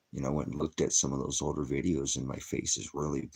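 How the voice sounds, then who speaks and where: A man's voice: a bass voice, little pitch movement, fast talker, few pauses, a little mellow, husky. A distraught middle-aged man hosting his own channel, talking unscripted as a father and rambling, swearing often as he goes. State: shaken and upset. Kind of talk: emotional unscripted vlog monologue.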